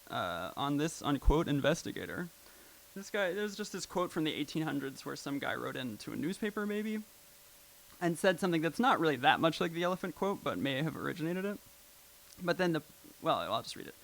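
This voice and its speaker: A man's voice: a little high, sing-song, a little fast, gravelly, a bit bright, rough recording. A man giving a casual live talk at a poetry and technology evening, loose and chatty with many fillers. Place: live event venue.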